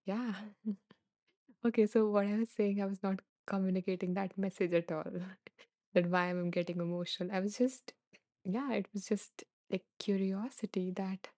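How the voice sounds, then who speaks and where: A woman hosting a podcast, gently reading and answering live listener comments, soft-spoken and laughing softly, emotional and close to tears. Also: mid-range voice, steady tone, normal speed, no room sound. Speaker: podcast host.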